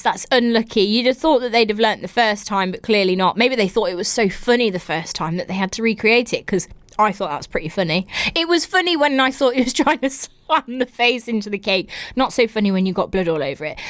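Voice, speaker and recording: A woman's voice: medium pitch, dry recording. A woman hosting a podcast, reading listener stories aloud and reacting with giggly laughter and incredulous exclamations. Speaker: podcast host.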